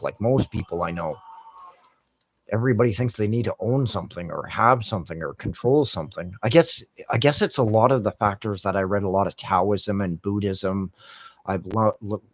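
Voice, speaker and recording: A man's voice: on the low side, normal speed, dry recording. A man from the United States ranting over gameplay as a gaming streamer, in heated, heavily profane rambling talk.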